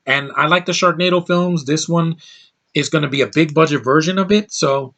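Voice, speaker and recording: Man, slightly high voice, tired, blunt, rambling, casual movie talk. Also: normal speed, a bit bright. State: tired from lack of sleep. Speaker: movie list vlogger.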